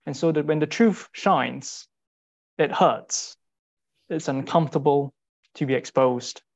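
A man giving a sermon in an earnest, rhetorical way, repeating short phrases and pausing for weight. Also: fairly high pitch, lo-fi sound. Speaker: speaker giving a Bible talk.

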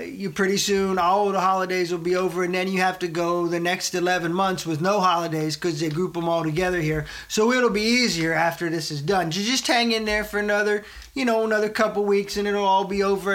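Man, middle-aged, comic preacher monologue, folksy rambling, high voice, bright tone. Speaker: comedic preacher persona.

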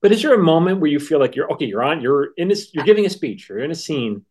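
A man's voice: on the high side, sing-song, darkish tone. A man hosting a podcast, asking casual interview questions and rephrasing them as he goes. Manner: halting, rephrases questions mid-sentence. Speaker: podcast host.

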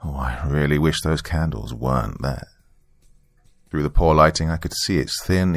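A man narrating a first-person horror story in a steady, grave way. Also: extremely low pitch.

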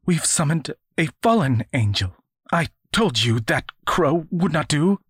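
A man doing a shrill, peevish witch sister. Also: lively intonation, unhurried, slightly rough, no room sound, clean studio sound. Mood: exasperated. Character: shrill middle witch sister, sharp-tongued.

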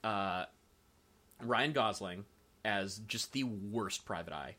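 A man who works as a voice actor, chatting casually as a podcast guest in an animated way, laughing often and swearing freely. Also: fairly low pitch, slow.

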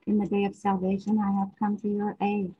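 A woman in a study group reading a long scripture passage aloud in a steady voice. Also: mid-range voice, a little fast, slightly rough. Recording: muffled lo-fi call audio.

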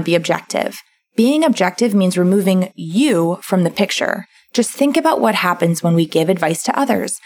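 A woman's voice: medium pitch, a little mellow. A woman co-hosting a podcast, explaining a book's ideas in a casual, list-by-list way. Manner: explains in lists, acts out quoted voices. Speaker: podcast co-host summarizing a book. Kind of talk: casual chat.

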